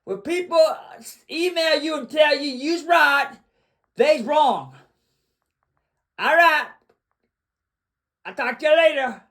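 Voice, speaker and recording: A man hosting a livestream, ranting boastfully and repeating himself, often bursting into shouts. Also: extremely high pitch, takes it slowly, vocal fry, pauses often. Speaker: livestream host.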